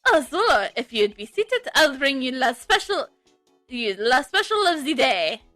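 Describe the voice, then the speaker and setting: A woman's voice: high-pitched, very animated, measured pace, sharp tone, no echo, soft background music, exaggerated voice. A woman putting on a flamboyant French chef, gushing. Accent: mock French. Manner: theatrical, gushing, fumbling words. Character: flamboyant male French restaurant owner.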